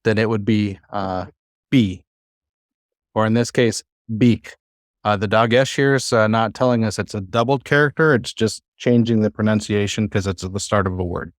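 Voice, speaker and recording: A man teaching a Hebrew class over a video call, patient and encouraging, slowing down to spell out sounds. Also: lowish voice, fairly even intonation, no echo, clean studio sound.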